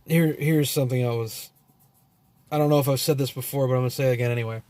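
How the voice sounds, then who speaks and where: A man's voice: mid-range voice, steady tone, quick pace, darkish tone, no echo. A man telling a long story as a vlogger in a casual, profane rant that rambles and is full of "you know" and "like".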